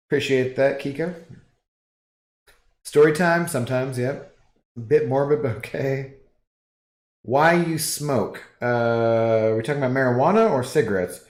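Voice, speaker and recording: A relaxed man hosting a livestream from home, rambling casually with his viewers and answering chat messages as they come in. His voice sits in a middling register, and the room around him has a noticeably echoey sound. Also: mid-range voice, measured pace. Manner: rambling, relaxed, chatty asides. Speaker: livestream host reading chat.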